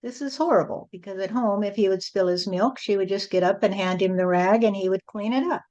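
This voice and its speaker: A woman's voice: mid-range voice, steady tone, a little mellow. Woman channeling a rhyming spiritual message. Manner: slow, rhyming, repetitive preaching cadence. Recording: dull lo-fi recording.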